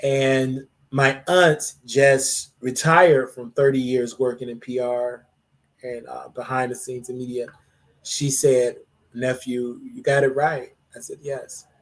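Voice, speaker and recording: A man hosting a livestream, emotional after crying, repeating his thanks to viewers over and over. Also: little pitch movement. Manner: jumps to high drawn-out greetings when welcoming viewers. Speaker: livestream host. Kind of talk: emotional live stream chat with viewers.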